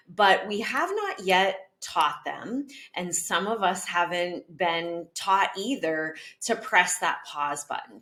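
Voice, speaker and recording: A woman's voice: on the low side, pushed and bright. A woman giving a parenting talk, earnest and coaching, with rhetorical questions to her listeners. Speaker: parenting educator. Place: community center video.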